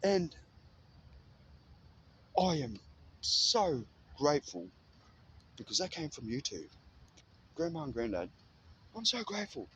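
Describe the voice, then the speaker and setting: A man in casual motivational storytelling, animated and freely swearing. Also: a little high, slow, pauses often, a little hiss or hum.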